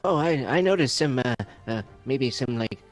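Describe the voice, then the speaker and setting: A man's voice: mid-range voice, animated, normal speed, soft background music. A man playing a tabletop game who speaks thoughtfully, with many fillers. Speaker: player. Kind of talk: casual tabletop game chat.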